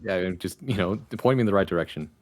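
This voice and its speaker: A man with a calm, relaxing voice, a podcast guest chatting casually and wryly. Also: low-pitched, quick pace. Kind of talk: casual chat.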